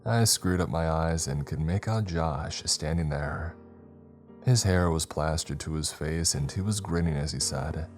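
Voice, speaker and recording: A man with an extremely deep voice reads a creepy story aloud. His delivery is steady and measured, building a tense mood. Soft background music plays faintly. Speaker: horror story narrator. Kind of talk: scripted horror narration.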